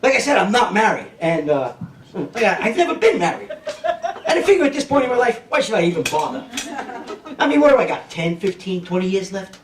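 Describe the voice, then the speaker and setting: A man's voice: high voice, big pitch swings, fairly quick. A man, doing a streetwise stand-up set in a comedy club and often checking in with the crowd. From Brooklyn, New York. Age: 50s. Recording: echoey club, mic heard from a distance, audience noise.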